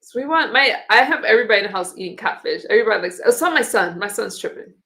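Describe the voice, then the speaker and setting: A woman's voice: medium pitch, animated, rapid-fire, bright, forceful tone. A woman hosting a live stream, chatting casually in a rambling way and laughing easily. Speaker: streamer host.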